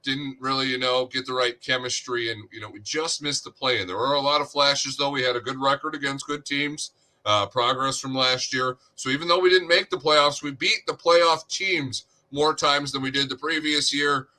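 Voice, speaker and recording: Man imitating an evasive team executive, bland excuses, bright tone. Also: mid-range voice, moderate pace. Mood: excusing. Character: evasive male team executive at a press conference.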